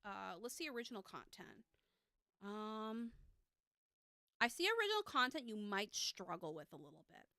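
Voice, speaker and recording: Chatty bright-voiced woman reading tarot. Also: medium pitch, very animated, moderate pace, pauses often, dry recording, studio quality. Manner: chatty and upbeat, many fillers. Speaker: tarot reader and streamer. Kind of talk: live tarot reading chat.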